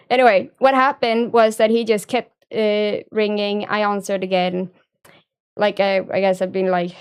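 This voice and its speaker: A woman's voice: medium pitch, darkish tone, clear, resonant tone. A young woman streamer, telling a story in a rambling, casual way and swearing freely. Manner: rambling, profane, laughs often.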